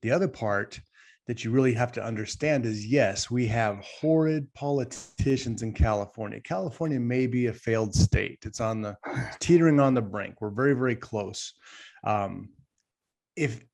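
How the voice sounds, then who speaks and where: A man's voice: mid-range voice, moderate pace, a little mellow. A man co-hosting a podcast, talking emphatically and at length, often turning to address the listeners directly. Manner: emphatic, rambling, talks straight to the audience. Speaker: podcast co-host. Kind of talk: casual podcast discussion.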